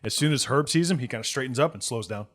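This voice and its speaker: A man's voice: mid-range voice, animated, quick pace. A man running a tabletop game as game master, narrating in a loose, rambling way.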